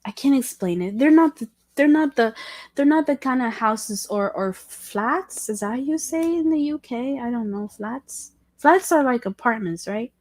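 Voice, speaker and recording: A woman's voice: a little high, lively intonation, moderate pace, a little mellow, dry recording. A woman whose first language is Spanish, chatting casually on a livestream in a rambling, curious and apologetic way.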